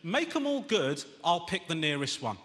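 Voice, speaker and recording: A British man doing a stand-up routine, exasperated and ranting, his voice rising to shouts. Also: on the high side, big pitch swings, moderate pace. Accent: British English. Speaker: stand-up comedian. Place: large theatre stage with audience laughter. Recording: echoey theatre hall, audience noise.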